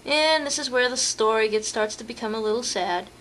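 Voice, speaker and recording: A woman with a slightly high voice narrates her family's vacation photos, chatty and full of little fillers and restarts. A faint hiss runs beneath the recording. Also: fairly quick, a bit bright. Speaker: home video narrator.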